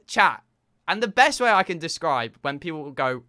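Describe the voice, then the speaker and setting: A seventeen-year-old male streamer telling his chat a story in a rambling, excitable way, with lots of fillers and swearing. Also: on the high side, moderate pace.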